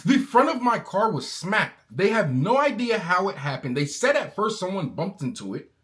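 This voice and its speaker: A man's voice: sits high, big pitch swings, normal speed, fairly bright tone. A man in a casual vlog, ranting angrily and talking in slang, calling his listener bro. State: angry. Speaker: car owner vlogger.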